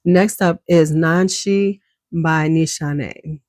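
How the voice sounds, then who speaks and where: A beauty vlogger gives a casual, enthusiastic perfume review, chatty and full of slang, coughing now and then. Her low voice is very slow and a little mellow, captured in a dry, clean studio recording.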